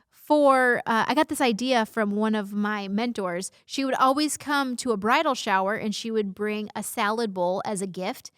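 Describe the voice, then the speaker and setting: A woman's voice: fairly high pitch, no room sound, clean studio sound. A woman in her thirties hosting a casual vlog, bubbly and playful, making jokey asides and censoring herself. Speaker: vlog host. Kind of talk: casual talking-head vlog.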